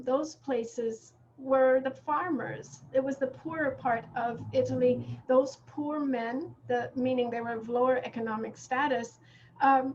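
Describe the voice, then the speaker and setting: A woman author, reflective and halting, telling a story in conversation with many fillers and restarts. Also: high-pitched, darkish tone. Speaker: author guest in a bookstore conversation. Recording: muffled lo-fi recording with faint noise.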